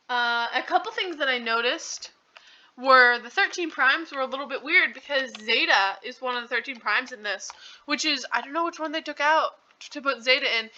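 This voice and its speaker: A woman's voice: high-pitched, sharp tone. A woman recapping a movie in a casual, rambling way, full of "um" and "like". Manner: rambling, heavy on fillers and "like". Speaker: channel host. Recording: dull lo-fi recording.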